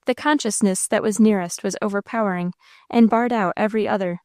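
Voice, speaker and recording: A woman narrator giving a measured, expressive reading of a classic novel into a close mic. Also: medium pitch, no room sound. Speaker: audiobook narrator.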